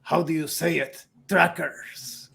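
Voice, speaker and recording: A man voicing a proud, blunt male orc chieftain who talks in slow, halting speech. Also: a little high, steady tone, gravelly, fairly bright tone, slightly rough, exaggerated voice.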